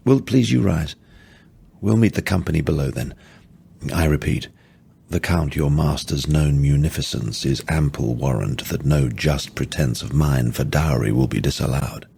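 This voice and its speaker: A man voicing a proud, cold aristocratic duke in a dramatic poetry recitation, measured and haughty. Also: low-pitched, vocal fry, darkish tone, breathy edge, exaggerated voice.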